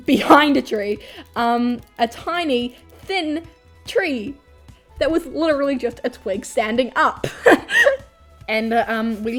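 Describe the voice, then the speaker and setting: Laughing, swearing young woman storyteller. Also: a little high. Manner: animated, laughing, swearing freely. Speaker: vlogger. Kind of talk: storytime vlog.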